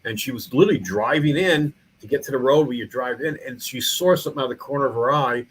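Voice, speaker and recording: Speaking fast at medium pitch, his voice slightly rough, a middle-aged man relates stories in an informal interview. He is a small-town mayor and museum founder who rambles animatedly with frequent restarts and fillers, captured in low-quality sound.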